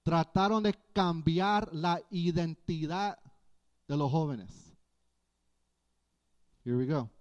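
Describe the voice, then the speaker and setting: A man preaching a sermon as pastor, in a folksy, animated way with playful asides. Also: on the high side, takes it slowly, pauses often, clear, resonant tone. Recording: dull lo-fi church audio.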